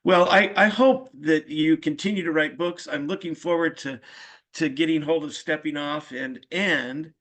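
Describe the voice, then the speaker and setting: A man's voice: on the high side, fairly even intonation, moderate pace, fairly bright tone. A man in his sixties hosting an interview, asking rambling questions full of fillers. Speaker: podcast host. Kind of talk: casual interview conversation.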